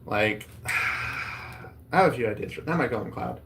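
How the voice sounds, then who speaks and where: Male host, casual chatty delivery, mid-pitched, loose and rambling, faint background hiss. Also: lively intonation, measured pace, gravelly. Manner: rambling, chatty, reads card text aloud. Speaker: host opening card packs. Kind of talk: casual chat.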